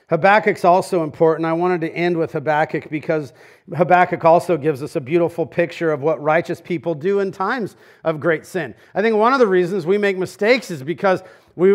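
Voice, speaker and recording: A man preaching a sermon as pastor, conversational and animated, swinging from loud emphatic lines to hushed ones. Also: a little high. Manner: conversational, with quoted asides.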